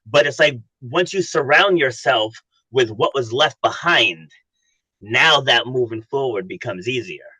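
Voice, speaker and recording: A male coach talks as a podcast guest in a bright, forceful voice at a mid pitch. He tells his stories earnestly and acts out the dialogue, recorded dry and close to the mic. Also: lively intonation, a little slow, husky, no echo, poor audio. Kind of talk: casual interview chat.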